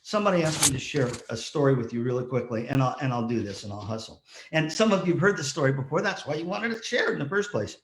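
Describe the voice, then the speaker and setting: Older male motivational speaker, echoey. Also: fairly high pitch. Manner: storytelling, acts out quoted voices. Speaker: guest speaker. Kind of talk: motivational talk. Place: virtual conference talk.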